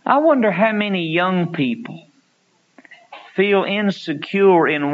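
A man's voice: high voice, slow pace, a little hiss or hum. Preacher man, dull old recording. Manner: storytelling with acted quotes, rising to loud pleading peaks. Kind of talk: sermon.

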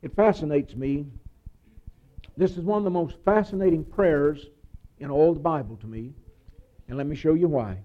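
A man preaching a sermon, retelling a story with a voice that swings from loud excitement to a quiet hush. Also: on the high side, moderate pace, long pauses. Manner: dramatic storytelling, voice rising and dropping to a hush. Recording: muffled lo-fi recording.

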